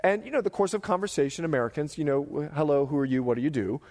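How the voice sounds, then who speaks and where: A middle-aged man preaching a sermon, animated and jokey, slipping into voices as he tells stories. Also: fairly high pitch, fast talker, long reverb tail. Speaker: pastor.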